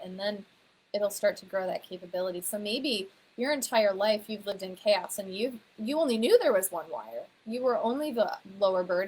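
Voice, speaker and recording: A naturopathic doctor, a woman, talks to the camera in a gentle, reflective way and leads with one guiding question after another. Her voice sits at an ordinary middle pitch. A faint hiss runs under the recording. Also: low-quality recording. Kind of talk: teaching to camera.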